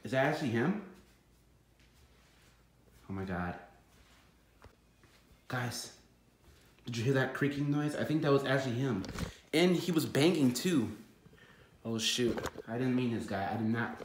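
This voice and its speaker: A man hosting a scripted prank vlog, talking excitedly and fearfully to his viewers. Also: mid-range voice, normal speed, a little hiss or hum. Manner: excitable, frightened, addresses the viewers. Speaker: vlogger. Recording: echoey room with loud background music.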